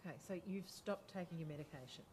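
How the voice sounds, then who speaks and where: A woman playing a supportive friend in a role-play, speaking gently and patiently to reassure him. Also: low voice, quick pace, slight background noise, lightly acted. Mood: calm. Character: calm supportive friend talking someone down.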